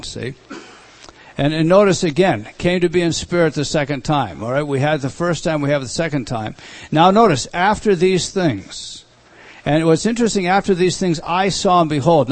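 Slow, deliberate male Bible teacher. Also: fairly high pitch. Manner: slow, deliberate, repeats words for emphasis. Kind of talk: Bible study lecture.

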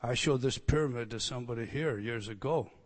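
A man preaching a sermon, earnest and emotional, dropping to quiet tender asides and rising to loud emphatic declarations. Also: medium pitch, brisk. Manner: earnest and emotional, moved nearly to tears.

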